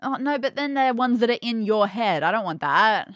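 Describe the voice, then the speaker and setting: A woman's voice: on the high side, animated, normal speed, a bit bright, dry recording. Dry, teasing woman podcast co-host. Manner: dry, teasing, gives punning hints. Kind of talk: casual chat.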